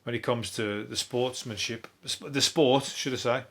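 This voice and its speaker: A man's voice: medium pitch, steady tone, normal speed, a bit bright. A man, a comedian hosting a solo news review podcast, talking in a rambling, heavily sweary way and laughing at his own jokes. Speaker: podcast host.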